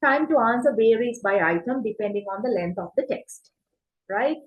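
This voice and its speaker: Woman teaching, fairly high voice. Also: animated, moderate pace, phone-quality sound. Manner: explains step by step, asks and answers her own questions; frequent fillers and checks like "right?". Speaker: exam prep teacher. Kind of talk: online class lecture.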